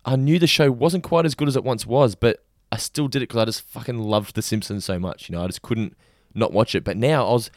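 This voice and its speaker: A man's voice: medium pitch, fairly quick, few pauses, dry recording, clean studio sound. A man co-hosting a casual podcast, enthusiastic and casually swearing. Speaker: podcast co-host.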